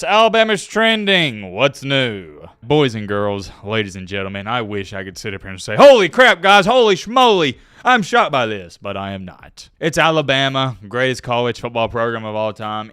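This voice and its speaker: A man giving casual, joking sports commentary to his viewers, swinging between loud outbursts and quiet asides. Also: mid-range voice, smooth, no echo, clean studio sound.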